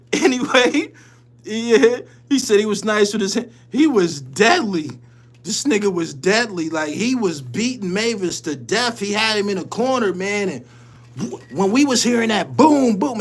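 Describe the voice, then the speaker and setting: High-voiced man laughing through a story. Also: measured pace. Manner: animated, laughs often mid-story; profane street slang. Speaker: channel host. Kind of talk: casual storytelling.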